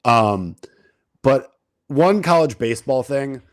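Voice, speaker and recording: Fast-chatting man on a dry mic. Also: mid-range voice, animated, no room sound. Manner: talks fast with frequent restarts and fillers. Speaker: sports betting co-host. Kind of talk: casual podcast chat.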